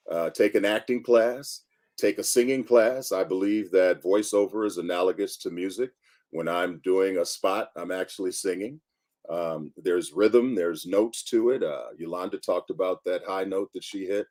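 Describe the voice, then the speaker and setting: A man with a very low voice speaks over a video call. He gives calm, measured advice, pausing for an occasional um. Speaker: guest, voice-over coach. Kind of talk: casual interview advice.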